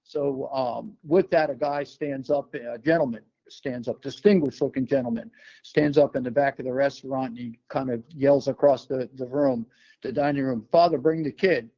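An older New York man, speaking as an interview guest, tells a personal story in a relaxed way full of fillers and restarts. His voice is mid-range at a normal pace, and the sound is lo-fi.

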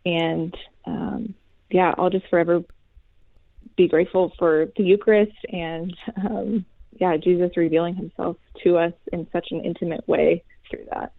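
A young woman in her twenties, a former college athlete, giving an earnest faith testimony as a guest, soft-spoken with many pauses. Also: lowish voice, fairly even intonation, gravelly, no echo. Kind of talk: heartfelt faith testimony in an interview. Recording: tinny phone-like line.

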